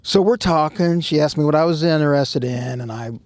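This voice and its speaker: Gravelly man telling a story. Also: a little high, brisk, a little mellow, no room sound. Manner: rambling, self-mocking anecdote with quoted dialogue. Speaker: podcast co-host, former undercover police officer. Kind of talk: casual storytelling.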